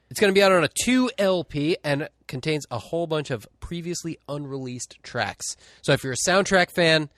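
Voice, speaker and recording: A man's voice: mid-range voice, fairly bright tone, no echo. A man co-hosting a podcast from a record shop, speaking in a laid-back, jokey way and swearing casually. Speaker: podcast co-host. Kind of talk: casual chat. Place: record store.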